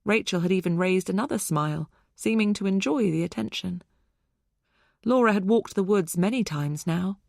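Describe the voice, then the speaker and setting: A woman narrating an audiobook in an even, measured storytelling voice. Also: mid-range voice, gravelly, no echo, studio quality. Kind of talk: scripted narration.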